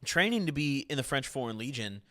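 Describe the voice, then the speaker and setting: A man hosting a podcast, asking curious questions and giving short, relaxed reactions. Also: mid-range voice, a little fast. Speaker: podcast host. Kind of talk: casual interview.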